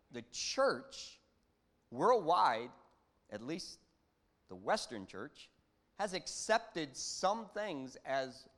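A man delivers a sermon in a relaxed, conversational manner, his voice sitting slightly high for a man. He reads scripture aloud and lets his pitch and loudness rise and fall as he talks. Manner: conversational, varies pitch and volume, quotes scripture. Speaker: pastor.

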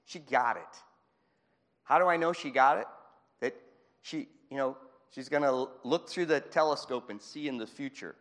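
A male preacher delivering a lively sermon. He acts out Bible scenes and chuckles between points. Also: medium pitch, long reverb tail.

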